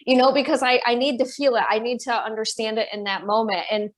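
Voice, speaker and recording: Blunt Michigan woman, higher voice. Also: fast, hardly any pauses. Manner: blunt, swears freely, laughs often. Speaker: podcast co-host, medium. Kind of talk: casual spiritual chat.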